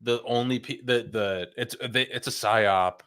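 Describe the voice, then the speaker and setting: A man's voice: medium pitch, a bit bright, clear, resonant tone. A man co-hosting a podcast in a casual chat, slangy and agreeable. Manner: agreeable, lots of quick yeahs, slangy. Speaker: podcast co-host.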